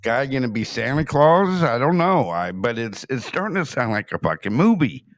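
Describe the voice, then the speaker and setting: A man's voice: mid-range voice, sing-song, moderate pace, no room sound, studio quality. A man hosting a show, chatting casually and explaining a played story, with some swearing. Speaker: host reacting to a clip. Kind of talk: casual commentary.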